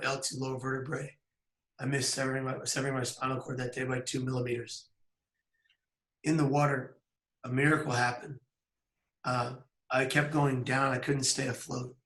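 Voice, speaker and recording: A man in his thirties telling a personal story on camera in an earnest, measured way with pauses. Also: mid-range voice, fairly bright tone, echoey room. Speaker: public speaker. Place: outdoors by a bridge.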